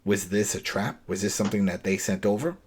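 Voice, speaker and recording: Animated low-voiced man recapping. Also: fairly quick, a little hiss or hum. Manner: animated, laughing, retelling scenes with rhetorical questions. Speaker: podcast co-host. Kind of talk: casual episode recap chat.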